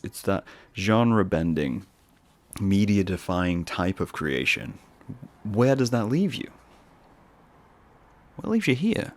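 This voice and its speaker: A deep-voiced man hosts his own podcast, musing aloud in a rambling solo monologue full of self-mocking asides. The recording has no room sound.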